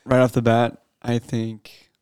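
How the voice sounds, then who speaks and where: A man's voice: mid-range voice, completely flat delivery, slow pace, darkish tone, slight background noise. A man co-hosting a sports podcast, casual and dry, with a teasing edge. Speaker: podcast co-host.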